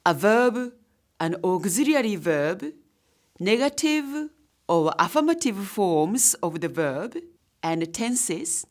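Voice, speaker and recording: Casting: middle-aged woman teacher, unhurried, pitch rising and falling a lot as she explains. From Japan. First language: Japanese. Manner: slow, deliberate, explaining each word. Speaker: language teacher. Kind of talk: scripted lesson narration.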